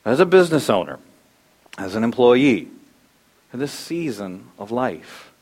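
A middle-aged male pastor preaching a sermon, telling a personal story with animated shifts and acted-out quotes. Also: mid-range voice, unhurried.

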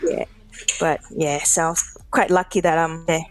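A woman from Australia, a musician guest telling stories in a casual interview, animated and quick to act out what people said. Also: sits low, no echo, low-quality recording. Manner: animated, acts out quotes with laughs.

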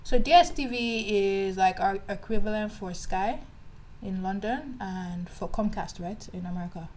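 A chatty woman co-hosting a casual podcast, her pitch sitting right in the middle of the usual range. She talks in an animated, lively way, reading listener stories out and reacting to them as she goes. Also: normal speed, slight background noise, poor audio. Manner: chatty, animated, drops into quoted voices. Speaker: podcast co-host. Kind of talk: casual chat, reading listener messages aloud.

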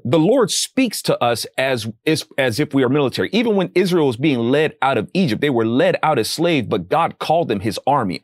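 A man speaking about faith with a lively, swinging pitch and a slightly high voice. His delivery is casual and preacher-like, dropping into slang. The sound is close and dry. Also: no room sound.

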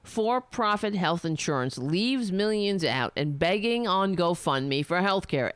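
A woman's voice: medium pitch, clean tone, dry recording. A woman delivering a heated, sarcastic, profane political rant, speaking for herself. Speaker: political commentator.

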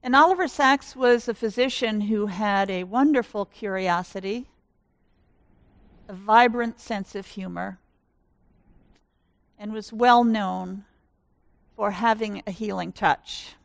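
A woman pastor giving a sermon in slow, measured storytelling. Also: mid-range voice, gravelly, no room sound.

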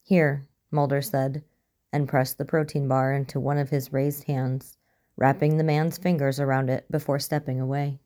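A woman reading a story aloud as narrator, in a steady, even storytelling manner. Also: a bass voice, normal speed. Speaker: story reader. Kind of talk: audiobook narration of fan fiction.

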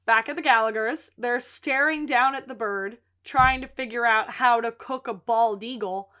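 A woman co-hosting a podcast, recapping episodes in casual chat and acting out the characters' lines with animated storytelling. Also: on the high side, normal speed. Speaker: podcast co-host recapping a TV series.

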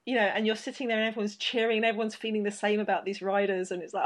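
A woman's voice: mid-range voice, rapid-fire. Chatty woman hosting an interview. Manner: chatty, rambling, animated storyteller with many restarts. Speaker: podcast host. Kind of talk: casual interview chat.

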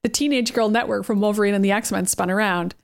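A woman's voice: medium pitch, steady tone, fast talker, vocal fry. A woman podcast host reading a comic-style story aloud in a playful manner. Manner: playful, often breaking into laughter.

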